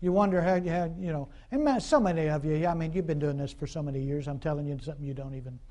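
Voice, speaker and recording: A man's voice: fairly high pitch, quick pace, warm tone. A man preaching a conversational sermon in a folksy, repetitive way, full of fillers and call-and-response asides.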